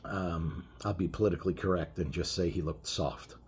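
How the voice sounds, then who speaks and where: A man's voice: deep voice, fairly even intonation, moderate pace, darkish tone, slightly rough. A middle-aged man telling a road story in a blunt, profane, rambling way, full of fillers. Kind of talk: casual spoken storytelling.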